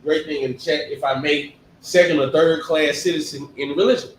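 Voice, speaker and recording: High-pitched guy preaching casual, lots of rhetorical questions, mic kinda far off. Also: a little fast, slight background noise. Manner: animated, emphatic, rhetorical questions. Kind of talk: conversational sermon. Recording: echoey room, distant mic.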